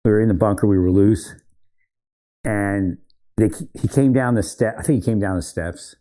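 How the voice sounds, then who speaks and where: A man's voice: on the low side, normal speed, dark tone. A man casually telling old army training stories, rambling, correcting himself and laughing often. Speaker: military veteran storyteller. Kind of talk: casual storytelling.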